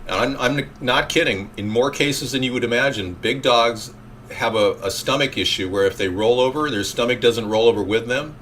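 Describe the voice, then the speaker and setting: A man's voice: medium pitch, normal speed, a bit bright. Male talk host, rambling call-in chat, faint hiss behind. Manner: rambling, reacting to callers and chat.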